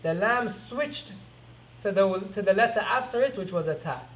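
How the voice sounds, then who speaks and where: In a recorded classroom lesson, a man teaches Arabic, slowly repeating each word and firing off quick rhetorical questions while he writes on a board. His voice is high-pitched and animated.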